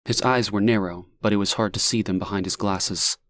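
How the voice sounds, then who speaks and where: A man narrating an audiobook in a steady, measured reading. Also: lowish voice, no room sound. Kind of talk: scripted narration.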